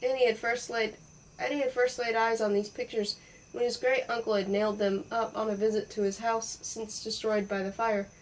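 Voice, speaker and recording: A woman's voice: fairly high pitch, little pitch movement, moderate pace, distant mic, slight background noise, poor audio. Woman reading a storybook aloud. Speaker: audiobook reader. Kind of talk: storybook narration.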